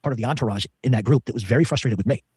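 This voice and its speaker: A man's voice: mid-range voice, rapid-fire, warm tone, husky, no room sound. A man telling a story in an interview, rambling with many restarts. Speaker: podcast guest.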